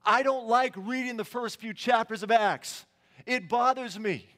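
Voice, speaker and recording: A man's voice: extremely high pitch, unhurried, bright, forceful tone. A middle-aged male pastor preaching a sermon in a church sanctuary, telling stories conversationally and asking the congregation questions.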